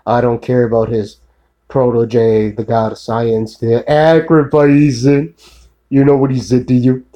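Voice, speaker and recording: A man's voice: mid-range voice, level tone, a little slow, mellow, poor audio. A man in a rambling solo monologue, ranting profanely and accusingly, repeating filler tags and addressing an unseen woman.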